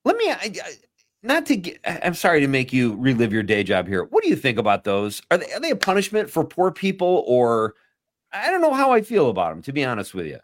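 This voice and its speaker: Man, low-ish lively voice, playful radio host, dry studio sound. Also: a little fast, no room sound. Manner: playful, joking, laughs easily. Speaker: radio talk show host. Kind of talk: casual radio talk show chat.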